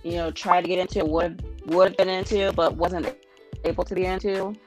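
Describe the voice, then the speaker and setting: A woman's voice: on the low side, fairly even intonation, fairly quick, a little mellow, faint music behind. A young woman talking casually on a podcast, hesitant and full of fillers. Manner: hesitant, lots of "like".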